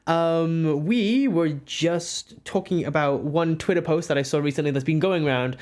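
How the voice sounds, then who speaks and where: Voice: medium pitch, normal speed, darkish tone. A young adult from Wales with a Welsh accent, chatting casually with viewers on a live art stream, giggling often and rambling.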